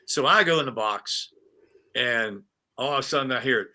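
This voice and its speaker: A middle-aged man, a retired sportscaster, telling animated stories in a casual interview, with many restarts and fillers. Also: medium pitch, moderate pace.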